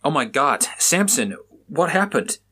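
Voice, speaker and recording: A man voicing a determined male police officer who speaks in brisk, clipped lines. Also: on the low side, a bit bright. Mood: alarmed.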